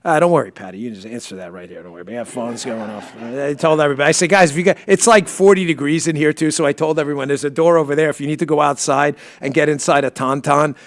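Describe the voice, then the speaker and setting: A man's voice: fairly high pitch, quick pace, hardly any pauses. Emotional, sniffly male podcast host. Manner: animated storytelling, sniffly and emotional. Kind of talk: emotional live-stream talk and ad read. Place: studio.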